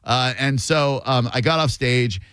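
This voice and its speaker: Male radio host, storyteller, lively delivery, dry studio sound. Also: medium pitch, unhurried, clear, resonant tone, no room sound. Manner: animated, does voices in his stories.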